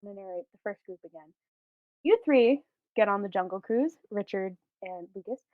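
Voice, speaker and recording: A woman's voice: medium pitch, fairly quick, no echo. A woman running a tabletop role-playing game on a live stream, narrating scenes casually, laughing often and swearing now and then. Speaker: game master. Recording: dry, phone-like audio.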